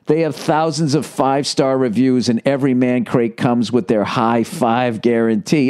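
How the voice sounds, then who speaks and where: A man's voice: mid-range voice, steady tone, normal speed, few pauses, darkish tone. A man, hosting a podcast and reading ads sarcastically, riffing off the copy with swearing. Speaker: podcast host. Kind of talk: casual podcast ad read.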